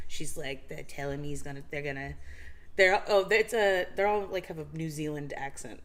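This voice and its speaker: A woman co-hosting a casual live-stream chat, telling a story with lots of fillers and acted-out bits. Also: normal speed. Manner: animated storytelling, acts out scenes with high squeals and laughs; many fillers and restarts. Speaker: podcast co-host.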